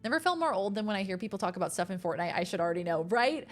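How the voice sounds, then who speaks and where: A young adult woman streaming a game, chatting casually with her chat, excitable and easily rattled. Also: mid-range voice, rapid-fire, soft background music.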